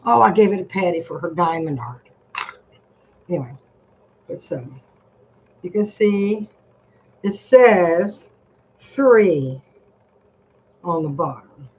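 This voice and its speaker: A woman's voice: lowish voice, animated, slow, long pauses, a little mellow, husky, dull audio. An older woman vlogging a casual product review from her home desk, chatty and rambling as she talks straight to her viewers.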